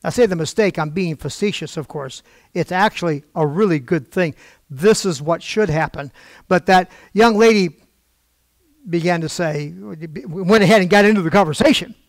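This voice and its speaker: A man's voice: high voice, normal speed, no echo, studio quality. An older man preaching in a storytelling style, acting out quoted voices with wry asides.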